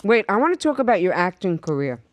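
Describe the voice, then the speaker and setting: A woman co-hosting a podcast teases her guest and fires questions at him. Her voice sits at an ordinary pitch for a woman. The dry studio mic keeps her close. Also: big pitch swings, fast talker, no room sound. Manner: teasing, quizzing the guest. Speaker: podcast co-host. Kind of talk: casual podcast chat.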